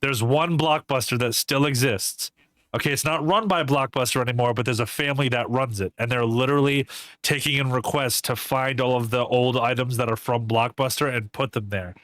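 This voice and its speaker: A man's voice: medium pitch, brisk, no room sound. Crude, laughing podcast co-host man. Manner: crude joking, laughs often, animated storytelling. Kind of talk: casual chat.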